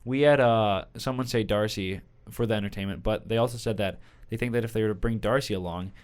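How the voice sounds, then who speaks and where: A young man hosting a college radio podcast, chatting casually, laughing often and telling stories with rising excitement. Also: fairly low pitch, a little fast, clean tone. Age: young adult. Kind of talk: casual interview chat.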